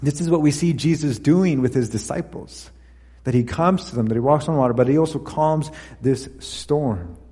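Male pastor, husky and mellow, expository sermon, echoing church hall. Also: medium pitch, moderate pace. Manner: expository preaching, reading scripture aloud with occasional slips.

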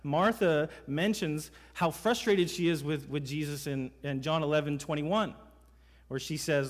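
A man's voice: fairly high pitch, measured pace. Emphatic male pastor preaching in a hall. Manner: emphatic preaching with rhetorical questions. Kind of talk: sermon. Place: church sanctuary. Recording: reverberant hall sound.

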